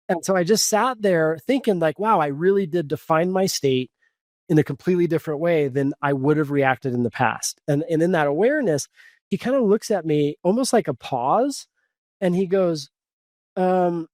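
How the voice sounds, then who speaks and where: A man, a coach and podcast guest, tells a personal story in a casual, animated way, full of fillers and restarts. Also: fairly high pitch, fairly quick, dry recording.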